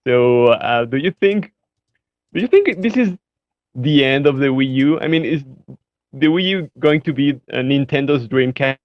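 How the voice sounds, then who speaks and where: A man calling in to a call-in show, stumbling through his question with pauses and restarts. His voice is middle-pitched. The sound is dull and dry, like call-in audio. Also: expressive, no room sound. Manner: hesitant, many fillers and restarts. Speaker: caller. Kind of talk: casual chat.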